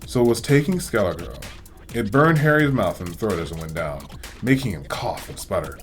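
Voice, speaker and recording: A man reading a storybook aloud as host, with expressive, varied delivery. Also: on the low side, moderate pace, soft background music. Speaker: reader, host.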